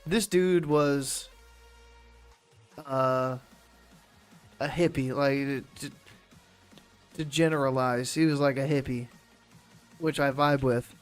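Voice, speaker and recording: A man streams a game and chats casually, laid-back and rambling, swearing freely and laughing often. His medium-pitched voice is smooth and steady, slow with long pauses, and faint music plays behind him.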